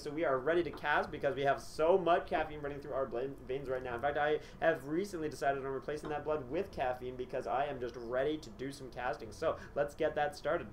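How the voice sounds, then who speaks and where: Laughing, jokey Canadian male caster. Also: fairly high pitch. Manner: jokey, laughs a lot, puts on silly voices. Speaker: esports caster. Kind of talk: casual tournament casting. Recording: faint background noise.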